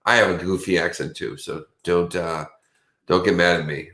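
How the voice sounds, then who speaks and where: A man's voice: sits low, fairly even intonation, moderate pace, a bit bright, echoey room. A man hosting a livestream in casual, rambling chat, chatty and self-mocking. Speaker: livestream host.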